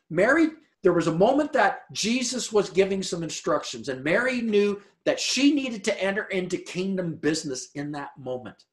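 A man preaching a sermon as pastor, explaining a scripture passage in an expressive, conversational way. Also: high-pitched, moderate pace, hardly any pauses. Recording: roomy echo.

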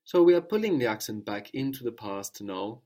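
A man teaching a spoken language lesson, patiently prompting his student and repeating each answer slowly. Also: mid-range voice, very animated, warm tone.

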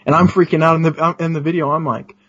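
A husky man tells an excited story as a podcast guest, stumbling and restarting as he goes. His pitch sits in the middle range. The sound is dull and lo-fi. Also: quick pace. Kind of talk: casual podcast chat.

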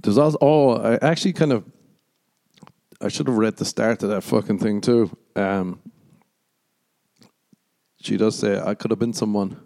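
A man's voice: on the low side, normal speed, vocal fry, long pauses, mellow. A man with an Irish accent hosting a podcast and rambling in casual chat, self-deprecating and swearing a lot. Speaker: podcast host, stand-up comedian.

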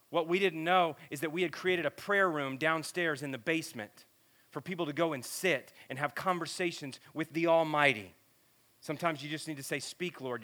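A man, preaching a sermon as an animated story, acting out the voices and swinging from hushed to loud. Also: fairly high pitch.

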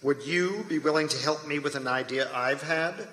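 A man's voice: fairly high pitch, moderate pace, bright, forceful tone. A man reading a weary army colonel. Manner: clipped, tired, sighing. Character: weary male army colonel in his forties. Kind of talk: staged play reading. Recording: echoey reverberant hall.

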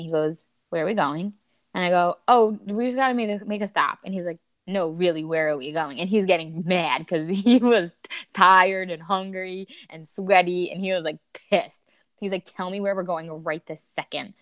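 A woman's voice: lowish voice, normal speed, no room sound. A woman in her thirties, a podcast guest, candidly and emotionally retelling a personal story with bursts of laughter.

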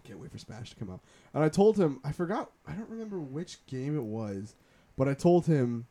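A man's voice: fairly high pitch, a little fast. A young man co-hosting a casual podcast chat, telling stories with quoted voices and lots of laughter. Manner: storytelling with lively quoted voices and frequent laughter. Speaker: podcast co-host.

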